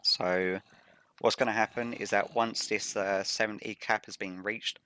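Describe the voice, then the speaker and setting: A man hosting a game Let's Play with a rough morning voice, explaining each step methodically as he plays. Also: lowish voice, fairly even intonation, measured pace, pushed and bright. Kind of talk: gameplay commentary.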